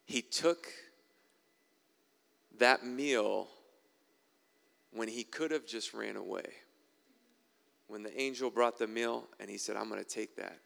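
A man delivers a sermon in a church hall, reading scripture and breaking off for wry, conversational asides. His voice has a gravelly edge, and the long reverb of a large hall trails behind every phrase. His pitch sits in a middle range. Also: slow pace, pauses often, a bit bright. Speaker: preacher.

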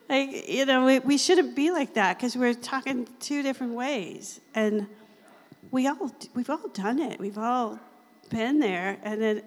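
A woman giving a casual, chatty Bible teaching, laughing often and reading scripture slowly. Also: mid-range voice, a little mellow. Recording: long hall reverb.

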